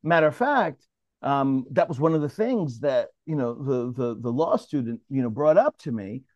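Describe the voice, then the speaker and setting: A man from New York leading a mediators' roundtable in an animated, casual way, often restarting his sentences and calling on others by name. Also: mid-range voice, normal speed, no echo, dull audio. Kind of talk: casual discussion, moderating.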